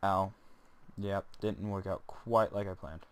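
A young man rambling goofily as he comments on his gameplay, joking at his own expense and talking straight to his viewers, his voice jumping up high when he gets excited. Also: slow, slight background noise. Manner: goofy, self-mocking, talks to viewers, voice jumps up when excited. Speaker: gaming channel host.

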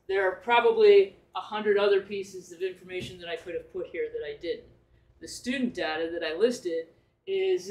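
A man presenting a district plan at a public meeting, explaining step by step and asking rhetorical questions as he goes. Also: sits high. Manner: explanatory, rephrasing and self-correcting, with rhetorical questions. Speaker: school administrator presenting a plan. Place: meeting room. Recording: echoey room, distant mic.

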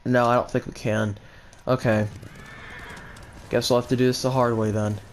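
A young man commenting on his own gameplay, excitable and full of mild stand-in swears as he trash-talks enemies. His voice sits at a middle pitch, with a faint hiss of noise behind it. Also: normal speed. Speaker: gaming channel host.

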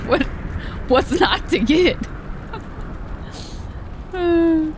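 A woman in her thirties streaming a video game, joking and shouting out in surprise as she plays. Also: very high voice, drawn-out words, a little hiss or hum. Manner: playful, jokey, excitable exclamations. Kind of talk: live gameplay commentary. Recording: streamer mic with loud game music.

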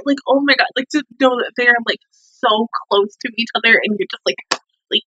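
A woman's voice: on the high side, brisk, bright, forceful tone, breathy edge, dry recording, lo-fi sound. A young woman hosting an anime reaction review, talking casually and emotionally with many fillers.

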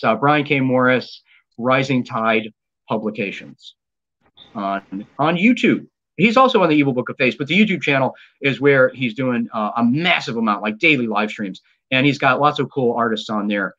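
A man's voice: medium pitch, a bit bright. Male stream host, playful and rambling, on a muffled lo-fi stream feed. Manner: playful, jokey, stumbles and repeats words. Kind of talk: casual live stream chat. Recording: dull lo-fi stream audio.

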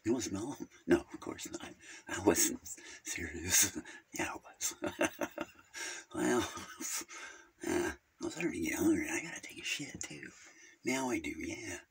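A man's voice: low voice, very animated, a little slow, a bit bright, slightly rough, in a whisper, full character voice. A man playing a naive, rambling caller named Virgil who keeps drifting off topic on a phone call. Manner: rambling, easily sidetracked, crude. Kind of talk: comedic character phone call.

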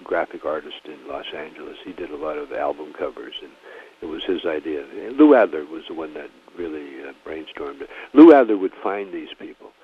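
A man's voice: very deep voice, brisk, breathy edge. A man, a comedian guest in a casual phone interview, talking in a rambling, laid-back way full of restarts and "you know". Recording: tinny phone line.

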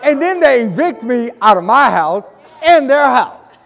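A man's voice: very high voice, big pitch swings, a little slow, gravelly, fairly bright tone, long reverb tail, voice pushed up, full character voice. A man voicing a confused, indignant male owl who complains in incredulous questions.

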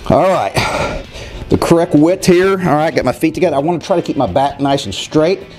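A man's voice: a little high, lively intonation, brisk, a little mellow. A man coaching a home workout, explaining the exercises directly to viewers and calling them guys. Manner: coaching, addresses viewers as guys, counts reps aloud. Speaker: fitness coach. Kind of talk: workout instruction.

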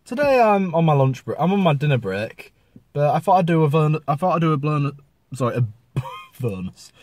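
A man's voice: fairly high pitch, very animated, normal speed, darkish tone, dry recording. A man with a mix of Yorkshire and Southern English accents, chatting casually in a vlog and stumbling over his words. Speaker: vlogger.

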